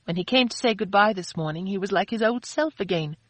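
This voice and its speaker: A woman narrator voicing a spirited, quick-tempered young woman who answers back with sharp, indignant retorts. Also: mid-range voice, no echo, lightly acted, poor audio. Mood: defiant.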